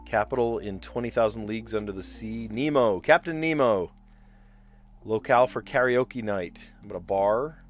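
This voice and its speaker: A man's voice: on the low side, normal speed, slight background noise. A man live-streaming word puzzles, thinking aloud as he mutters guesses and chats with viewers. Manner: chatty with viewers.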